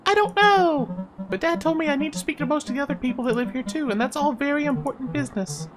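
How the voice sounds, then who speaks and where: A woman voicing an eager, chatty six-year-old girl in a game, speaking in a bubbly, excited way. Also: sits high, fast talker, over music, voice pushed up, natural voice. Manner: excited, bubbly, broken grammar when reading. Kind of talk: voice-acting a game.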